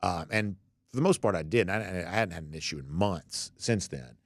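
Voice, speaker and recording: A man's voice: deep voice, normal speed, dry recording, clean studio sound. A man hosting a sports talk show, chatting loosely with many fillers and restarts as he reads out listener comments. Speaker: podcast host.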